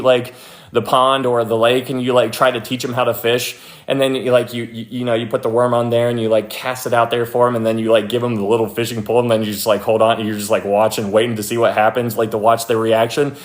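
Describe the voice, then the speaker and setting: A young man giving an informal Bible talk, chatty and full of fillers, getting animated as he acts out little scenes. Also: medium pitch. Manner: informal, many fillers like "like" and "you know", animated when acting out scenes. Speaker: Bible teacher. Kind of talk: casual Bible study talk.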